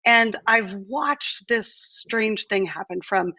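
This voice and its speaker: A woman's voice: medium pitch, slow, pushed and bright, no echo, dull audio. A woman in her forties from the United States, co-hosting a live stream from home and talking casually and emotionally, with storytelling asides. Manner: emotional, chatty, tells stories with quoted asides. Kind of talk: casual conversational talk.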